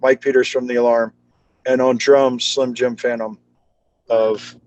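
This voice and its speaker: Animated man telling road stories. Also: mid-range voice, a little slow, dull audio. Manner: animated, slangy, acts out quoted people. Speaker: guest, charity founder. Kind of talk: casual storytelling chat.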